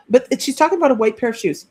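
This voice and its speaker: A woman's voice: on the high side, expressive, fast talker, a little mellow, slightly rough. A woman working as a psychic medium, giving a chatty live-streamed reading and relaying messages with frequent restarts.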